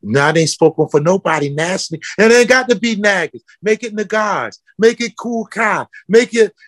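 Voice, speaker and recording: A fiery man, speaking in a fairly high register. He preaches and calls people out with question after question. His voice sounds close and dry, with no room echo. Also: animated, normal speed, a bit bright. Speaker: footwear company founder. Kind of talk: passionate interview talk.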